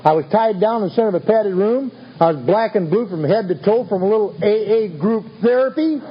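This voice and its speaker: In a high-sitting voice, a little fast, a man recounts his recovery to a meeting with folksy, wry self-mockery meant to amuse. The background is noisy, and the dull lo-fi recording has faint ambience.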